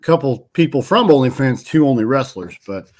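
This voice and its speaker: A man's voice: medium pitch, animated, normal speed. A man co-hosting a casual podcast, rambling and correcting himself as he recaps wrestling results. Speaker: podcast co-host. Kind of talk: casual chat about wrestling.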